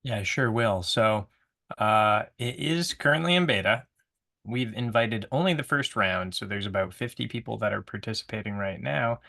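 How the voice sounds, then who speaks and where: A man's voice: on the low side, moderate pace, vocal fry, bright, forceful tone. A man from the product team casually answering a viewer question on a livestream, easygoing with frequent fillers.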